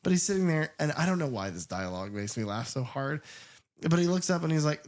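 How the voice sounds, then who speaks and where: A woman's voice: deep voice, sing-song, fairly quick, a little mellow. A woman co-hosting a film podcast, talking casually and animatedly, swearing often, laughing and acting out lines from the movie. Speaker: podcast co-host.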